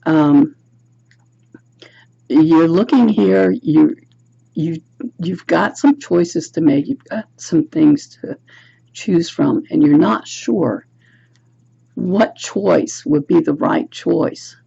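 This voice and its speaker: In a self-recorded home video, a woman reads tarot cards to camera, thinking aloud and asking viewers reflective questions. Her deep, warm, husky voice is creaky and extremely slow, with long pauses, and the built-in camera mic gives a lo-fi sound.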